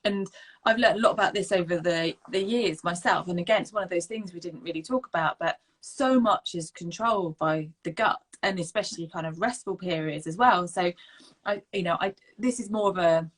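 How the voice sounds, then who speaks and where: A woman's voice: fairly low pitch, fairly quick, poor audio. A woman hosting a casual chat over a video call, thinking aloud with hesitant fillers. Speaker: sleep consultant, host. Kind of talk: casual conversational interview.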